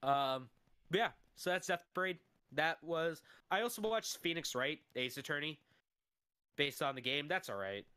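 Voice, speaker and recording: Man co-hosting a casual podcast, bright, lively delivery, dry close mic, swears freely. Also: a little high, moderate pace, clean tone, dry recording. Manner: profane, animated ranting. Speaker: podcast co-host.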